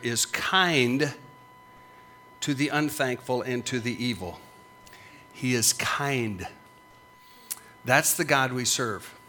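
A man's voice: medium pitch, pushed and bright, a little hiss or hum. A middle-aged man preaching as a pastor, with emphatic, punchy repetitions that rise and fall. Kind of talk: sermon.

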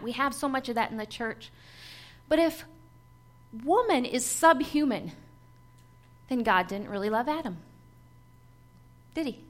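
A woman preaching a sermon to a congregation, emphatic and rhythmic, building points through lists and repetition. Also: sits high.

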